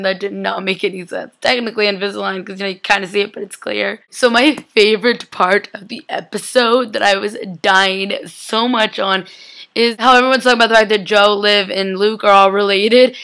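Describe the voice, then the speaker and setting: Chatty young woman with gravelly fry. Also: medium pitch, a little fast. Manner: chatty and excitable, full of "like" and acted-out quotes. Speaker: vlogger. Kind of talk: casual TV episode recap.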